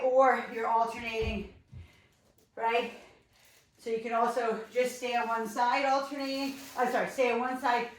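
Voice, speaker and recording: In an echoey space with the mic set far off, a fairly high-pitched female fitness instructor leads a live session from home. She sounds breathless yet talkative, offering encouraging cues, with a little hiss or hum in the background.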